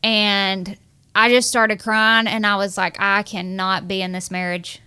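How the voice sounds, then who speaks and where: A woman's voice: mid-range voice, measured pace, clean tone. A young adult woman earnestly telling a personal story from her marriage, acting out the dialogue. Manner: earnest, animated, acts out quoted dialogue.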